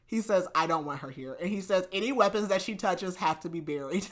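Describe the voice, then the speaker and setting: A woman's voice: fairly low pitch, fairly quick. A woman hosting a podcast, chattily recapping a novel with frequent laughs and fillers. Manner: chatty, giggly, lots of "like". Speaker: podcast host. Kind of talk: casual book recap.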